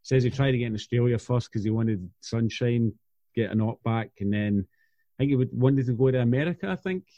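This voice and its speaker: A host chatting bluntly and swearing freely, in a mellow, warm-toned voice. The recording is dry and a bit dull and lo-fi, as if cut off at the top. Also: male voice, medium pitch, a little fast, dry recording. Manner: blunt and sweary, friendly banter. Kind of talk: casual podcast chat.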